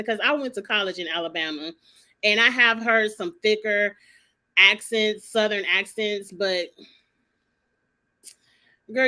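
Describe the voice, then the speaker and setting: A woman's voice: mid-range voice, bright, forceful tone. Sassy, blunt woman ranting. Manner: blunt, sassy, swears freely. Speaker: vlogger commenting on a reality show. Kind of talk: casual opinionated commentary.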